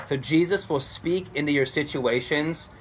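A man preaching to his church in a relaxed, conversational way, full of "like" and "you know." He reads scripture and retells stories, raising his voice when he acts out the quoted lines. A faint hiss sits under his voice. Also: a little high, moderate pace. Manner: casual storytelling with frequent "like" fillers, raising his voice in quoted lines. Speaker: pastor. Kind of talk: sermon.

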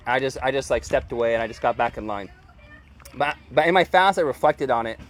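Speaking fairly quickly, this pastor has a medium-pitched, expressive voice. His sermon is casual and talky, peppered throughout with "like" and "dude."

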